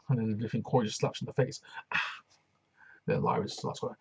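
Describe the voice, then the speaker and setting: A man talks through a wrestling show on his own, slangy and excitable, and keeps looping back on his phrases. His voice is gravelly and husky. It comes through a dull, lo-fi recording. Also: medium pitch, fast talker. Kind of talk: casual solo review.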